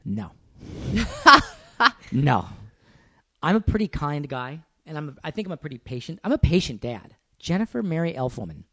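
A man's voice: fairly high pitch, huge pitch swings, normal speed, pauses often, pushed and bright, no room sound. A man co-hosting a podcast in casual chat, self-deprecating and playful, laughing often. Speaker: podcast co-host.

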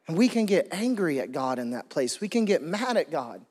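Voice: mid-range voice, very animated, normal speed, hardly any pauses, a little mellow. A pastor preaching an earnest sermon, often repeating and restarting phrases for emphasis. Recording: long hall reverb.

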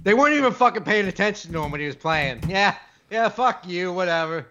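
A man's voice: high-pitched, lively intonation, a little fast, sharp tone, dull audio, a little hiss or hum. A man co-hosting a casual podcast over a video call, laughing often and swearing freely as he riffs. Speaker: podcast co-host. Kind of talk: casual profane banter.

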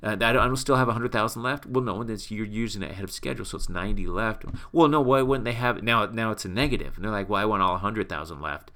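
Guy pumping up his sales team, kinda low voice, punchy and repeats stuff for emphasis. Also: fast, hardly any pauses, sharp tone, slight background noise. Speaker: team leader and sales trainer. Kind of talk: motivational team talk.

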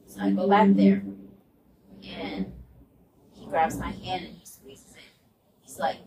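A woman tells a personal story in a casual, animated way and jumps into the voices of the people she quotes. She sounds a little distant and roomy, and heavy vehicle noise runs under everything she says. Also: medium pitch, moderate pace, long pauses. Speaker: podcast host.

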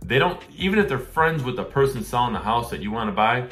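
A man's voice: mid-range voice, sing-song, quick pace, fairly bright tone, faint music behind. A middle-aged man hosting a real estate advice show, talking casually and acting out the questions he would put to a seller. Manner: conversational, acts out questions to sellers.

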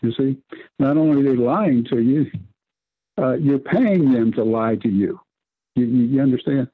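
A man preaching on a radio Bible program, talking in halting bursts with many restarts and tag questions. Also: mid-range voice, breathy edge, dry recording. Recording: tinny phone-line radio broadcast.

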